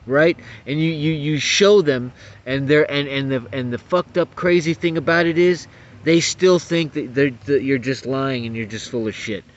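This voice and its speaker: A man giving an angry, profane political rant to camera, getting worked up and stumbling over repeated words. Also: fairly high pitch. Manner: profane, agitated, stumbling restarts. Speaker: vlogger. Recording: dull lo-fi audio.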